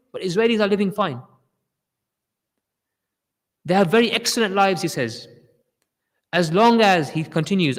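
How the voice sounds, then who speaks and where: A man gives an impassioned Friday sermon and repeats key phrases to drive them home. His voice sits fairly high for a man. A long hall reverb trails behind each line. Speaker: preacher giving a Friday sermon.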